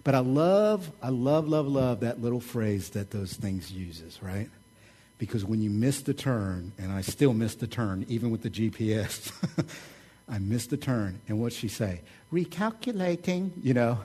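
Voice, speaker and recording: A middle-aged man preaching a sermon, telling stories in a casual, joking and animated way. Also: lowish voice, a little slow, husky. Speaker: pastor.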